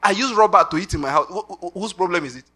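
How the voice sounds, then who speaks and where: A middle-aged Nigerian man preaching a sermon with animated delivery, slipping into pidgin asides and laughing. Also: sits high, fast talker.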